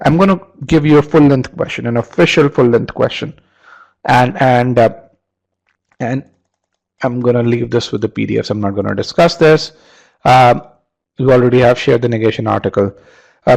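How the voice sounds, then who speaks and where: A man with a creaky, mid-range voice teaches a live web class as an online course instructor. He keeps repeating words as he starts over and puts questions to his audience; the recording is rough.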